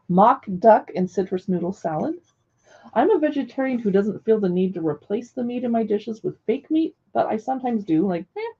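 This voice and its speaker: A woman's voice: medium pitch, warm tone, muffled recording. A young woman hosting a casual live stream from home, chatting and reading recipe titles aloud to viewers. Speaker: live stream host reviewing cookbooks.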